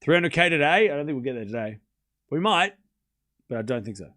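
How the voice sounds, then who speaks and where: A man's voice: fairly high pitch, animated, a little fast, sharp tone. A man hosting a live tennis watchalong stream. He calls each shot in short bursts, chats loosely with his viewers between points and swears offhand. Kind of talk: casual live play-by-play commentary with chat asides.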